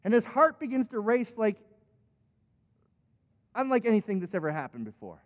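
A man's voice: sits high, big pitch swings, normal speed. A male pastor preaching a sermon with impassioned emphatic peaks. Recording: dull recording with long hall reverb.

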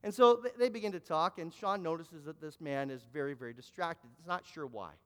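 A man's voice: fairly high pitch, a little fast, smooth, big-room sound. A man preaching a sermon, telling a story with many repeated words and restarts, then rising to emphatic exhortation.

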